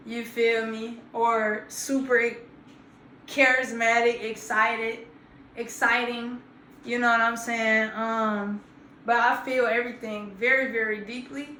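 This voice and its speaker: A woman around thirty, casually telling a story to camera in an animated, profane, slangy way. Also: a little high, slow, a little hiss or hum. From grew up in Georgia, US South. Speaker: vlogger. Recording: roomy echo.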